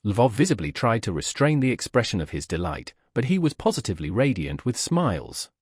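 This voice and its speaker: A man narrates a classic novel in a measured, expressive way. His voice is husky, and its pitch moves freely from phrase to phrase. The recording is dry and close, with no room echo. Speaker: audiobook narrator.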